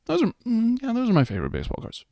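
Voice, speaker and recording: Goofy childlike grown man who loves his cards, put on by a man, high-pitched and loud, swinging all over. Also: wildly swooping pitch, racing, creaky, dry recording, studio quality, heavily acted. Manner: high, loud, dopey mock-interview voice.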